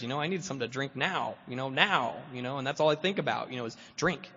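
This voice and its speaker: A man shares his recovery story as a guest speaker, rambling and self-mocking, leaning on "you know" between every thought. His voice is bright and forceful. The recording is dull and lo-fi, with a long reverb from the meeting hall. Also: mid-range voice, fast, hardly any pauses, slightly rough. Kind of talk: personal recovery testimony.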